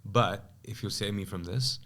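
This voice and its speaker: With a voice on the low side and a normal pace, a Kuwaiti pastor shares his testimony on a podcast. He performs the voices of both people from a past conversation, animated and full of asides.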